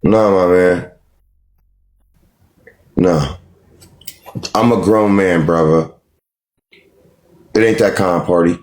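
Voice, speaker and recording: A man's voice: sits low, slow pace, long pauses, darkish tone. A man hosting a live stream, talking down to callers in a combative, lecturing way and repeating his points. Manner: dismissive, lecturing, repeats himself. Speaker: livestream host.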